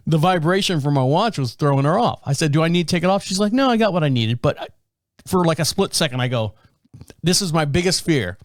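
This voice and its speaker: A man with a fairly high pitch hosts a podcast, telling a casual anecdote briskly with frequent pauses. Animated and quick to laugh, he acts out the voices of the people in the story; the sound is clean studio audio with no room sound.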